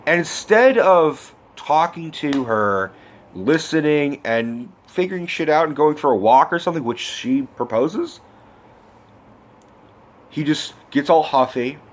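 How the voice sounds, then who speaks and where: A man in his twenties ranting about a movie in a casual vlog, swearing often and breaking into loud exclamations. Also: fairly high pitch, measured pace. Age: 20s. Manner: animated, swearing, bursts of shouting. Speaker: vlogger. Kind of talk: profane movie rant.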